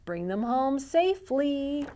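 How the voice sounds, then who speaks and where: Sheriff Pa, a kindly cowboy sheriff father, as a woman reads him aloud. He speaks gently and warmly, like a dad putting a child to bed. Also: sits high, sing-song, slow pace, pitched above the performer's own voice, full character voice.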